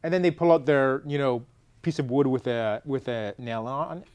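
A man's voice: medium pitch, normal speed, darkish tone, smooth. A man co-hosting a casual show, joking and rambling, often trailing off mid-sentence. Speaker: podcast co-host. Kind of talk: casual chat.

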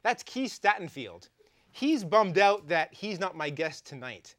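A young man with a Canadian accent hosts a comedy talk show, reading viewer tweets aloud in a playful way. His voice sits high and swings widely in pitch. The sound is dry and close, with no room echo. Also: sing-song, measured pace, a bit bright. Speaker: host.

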